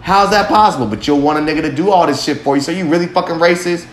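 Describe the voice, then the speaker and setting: A man's voice: a little high, quick pace. A man hosting a podcast who talks bluntly and swears constantly in a rambling monologue. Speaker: podcast host. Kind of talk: profane monologue. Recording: echoey room, faint background hum.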